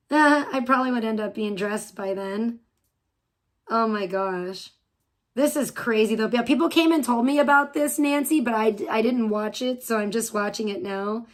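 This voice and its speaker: Profane sarcastic woman streamer, higher voice. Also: moderate pace. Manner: profane, mocking, sarcastic asides. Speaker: streamer reacting to another stream. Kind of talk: live stream commentary. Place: home streaming room.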